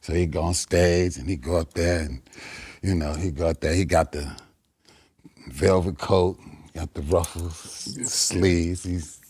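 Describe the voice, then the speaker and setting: A middle-aged man, a guest comedian, telling a casual story in a gravelly voice and acting out the people in it. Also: sits low, measured pace, no echo. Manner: animated storyteller, acts out shouted quotes.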